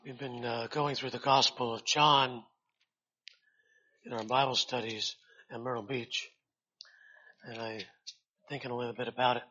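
A man preaching a sermon, pausing often and rising loud and high on quoted scripture. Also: steady tone, husky. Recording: dull lo-fi sound.

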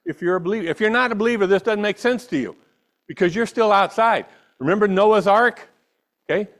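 A man's voice: sits high, a little fast, a bit bright. A man preaching a sermon, reading scripture and then pressing his listeners with rhetorical questions and emphatic repetition. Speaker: pastor.

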